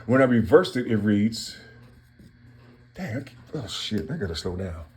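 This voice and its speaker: A man's voice: on the low side, very animated, normal speed, slight background noise. A man from Ohio giving a casual, repetitive monologue on hidden codes in words, talking straight to his listeners in a preachy way. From Cincinnati, Ohio, US. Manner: repetitive, circling back on phrases; preachy, addressing listeners directly. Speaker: channel host.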